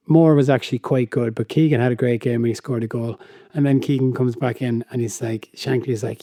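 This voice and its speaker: Brief: male podcast co-host, mellow tone, dry close sound, curious and quick to laugh. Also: medium pitch, steady tone, no room sound. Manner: curious, laughs often, retells stories. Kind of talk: casual chat.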